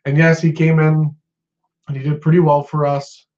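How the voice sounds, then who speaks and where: A man's voice: fairly high pitch, level tone, moderate pace, a little mellow. A man ranting as a sports fan vlogger. He sounds agitated, swears often and repeats himself. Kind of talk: upset sports rant. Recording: dull lo-fi recording.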